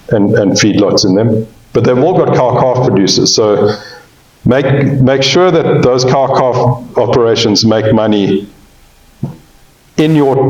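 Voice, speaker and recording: With a mid-range, somewhat mellow voice, a man from the cattle industry delivers a joking, folksy pre-sale talk about cattle, often pausing to engage the audience. The sound is roomy and a little dull.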